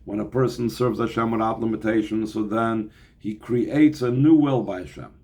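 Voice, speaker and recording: A male teacher giving a Torah class. He reads passages aloud in Hebrew, then translates and explains each one, with pauses and restarts as he goes. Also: on the low side, darkish tone.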